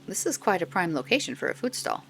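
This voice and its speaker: A woman's voice: lowish voice, big pitch swings, quick pace, gravelly, fairly bright tone, soft background music, heavily acted. A woman voicing a polite, formal male journalist in a game, now and then flustered.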